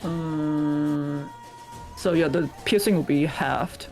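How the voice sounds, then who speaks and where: Game master, patient, steady, mid pitch, quietly going over the rules. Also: takes it slowly, faint music behind. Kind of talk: running a tabletop game.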